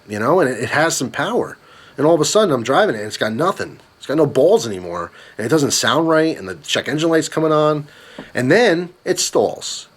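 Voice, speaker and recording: Young adult male vlogger, angry storytime rant, heated and profane, stumbling restarts. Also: mid-range voice. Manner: worked-up, swearing, frequent restarts.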